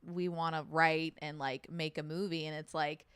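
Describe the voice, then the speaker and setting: A young woman co-hosting a podcast in casual chat, animated and swearing, often laughing as she tells stories. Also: sits low, normal speed, clean tone, no room sound. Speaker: podcast co-host.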